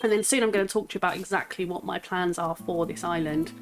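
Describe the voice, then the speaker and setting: A woman giving excited gameplay commentary as a gaming YouTuber, gushing with nervous laughter and squealing bursts of joy. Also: lowish voice, fast, poor audio.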